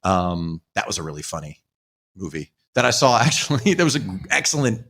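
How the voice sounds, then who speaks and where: A man's voice: low voice, sing-song, fairly quick, creaky, a bit bright, breathy edge. A man hosting a podcast, chatting casually and rambling with lots of restarts and asides. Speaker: podcast host. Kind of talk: casual chat. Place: live stream in front of a comic shop.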